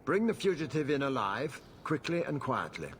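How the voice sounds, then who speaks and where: An actor playing a scheming city magistrate who speaks in a formal, persuasive and lofty way. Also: male voice, medium pitch, big pitch swings, normal speed, slight background noise, lightly acted.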